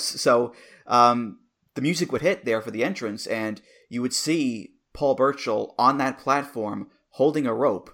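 A man's voice: medium pitch, a bit bright. Enthusiastic man in casual chat. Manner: enthusiastic, nostalgic, laughs easily. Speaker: podcast co-host.

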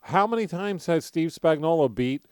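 Philly-accented male podcast co-host, brash and profane, smooth clear voice, dry close sound. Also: on the high side, animated, moderate pace, no room sound. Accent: Philadelphia. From Philadelphia. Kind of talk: casual sports betting chat.

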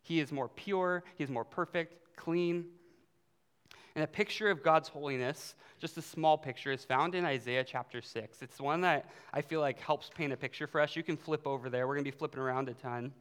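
A man's voice: on the high side, moderate pace, a bit bright, clean tone. A man preaching a sermon as youth pastor, in a casual, conversational way with fillers. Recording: long hall reverb.

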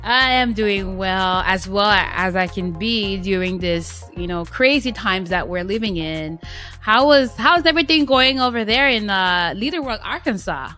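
Lively woman hosting a casual podcast. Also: mid-range voice, measured pace, soft background music. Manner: animated, laughs easily, teasing. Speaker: podcast host.

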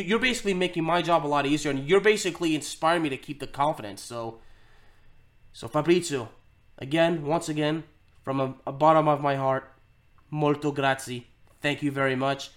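A man of thirty hosting his own podcast, talking in a rambling, emotional way and often repeating words. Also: a little high. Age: 30s. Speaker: podcast host. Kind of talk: heartfelt casual monologue.

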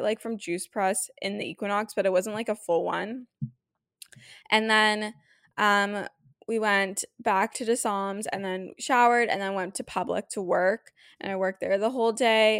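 A woman's voice: medium pitch, dry recording, studio quality. A young woman in her twenties from Canada hosting a casual solo podcast, chatty and gushing, full of fillers and emotion. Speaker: podcast host.

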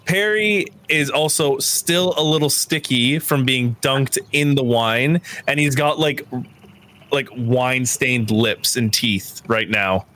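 A man's voice: medium pitch, takes it slowly, sharp tone. A man narrating as game master in a casual, loose way, often saying kinda and like. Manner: casual, laughing, uses fillers like "kinda".

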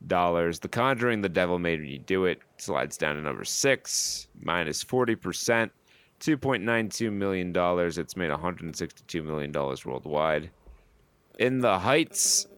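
A man co-hosting a podcast, running through box office figures with wry, quick asides. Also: sits low, a bit bright, clean tone, dry recording. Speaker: podcast co-host. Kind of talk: reading box office numbers in casual podcast chat.

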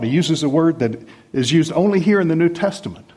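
A middle-aged man from the United States preaching a sermon in a conversational, self-deprecating way with lively emphasis. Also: a little high, brisk, slightly rough. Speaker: pastor.

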